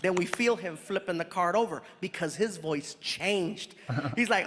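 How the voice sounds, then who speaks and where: High-voiced, animated stand-up comedian. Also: male voice, a little slow, background noise. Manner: animated, loud, character voices. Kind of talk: stand-up storytelling. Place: large live venue on stage. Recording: echoey hall with loud crowd.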